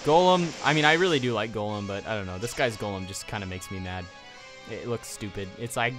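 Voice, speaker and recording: A man's voice: on the low side, fairly quick, music in the background. A young man giving casual let's play commentary, exasperated and ranting at the game, with a sniffly nose.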